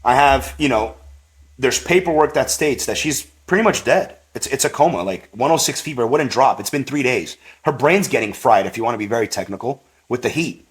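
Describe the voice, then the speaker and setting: Animated man telling a faith story. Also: medium pitch, brisk. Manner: rambling, full of "like" and "you know"; animated, acts out quoted voices. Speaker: podcast guest. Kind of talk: personal testimony storytelling.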